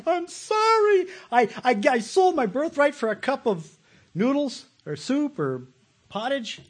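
A man's voice: very high-pitched, sing-song, measured pace, voice pushed up, heavily acted. A man voicing a remorseful grown man pleading that he is sorry, in a wailing, pleading way.

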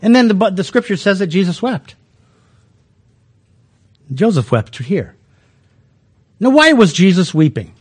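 High-voiced, folksy male preacher. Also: very animated, a little slow, pauses often, breathy edge. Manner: folksy, chuckling, many restarts. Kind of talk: conversational sermon.

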